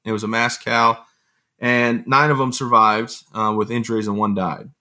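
A man telling stories as an interview guest, in an animated, rambling conversational way. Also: medium pitch. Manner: fast, animated storytelling with rambling asides. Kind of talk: conversational storytelling.

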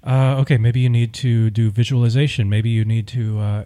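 A man co-hosts a casual podcast chat in a mellow, warm voice. He teases playfully and reassures gently, at an ordinary male pitch. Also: level tone, normal speed. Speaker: podcast co-host.

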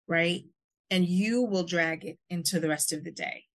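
Affirming woman podcast host, lowish voice. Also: normal speed. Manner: affirming, with frequent short agreements. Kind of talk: conversational interview.

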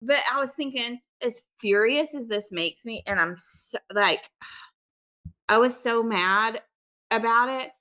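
A woman co-hosting a casual podcast chat, emotional and animated, laughing often. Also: fairly high pitch, measured pace. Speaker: podcast co-host.

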